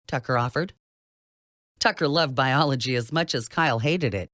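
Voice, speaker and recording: A narrator reading a novel aloud in an expressive, scripted style. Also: moderate pace, dry recording, clean studio sound. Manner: expressive reading with lively pitch. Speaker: audiobook narrator.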